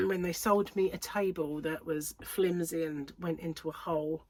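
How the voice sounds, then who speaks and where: A woman chats away to camera in a slightly low voice, a little stuffy and short of breath. She rambles through stories with frequent giggles. The sound is close and dry, with no room echo. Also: fairly even intonation, a little slow, darkish tone. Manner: chatty, giggly, rambling anecdotes. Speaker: crochet channel host. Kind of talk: casual chat to camera. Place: home room under lights.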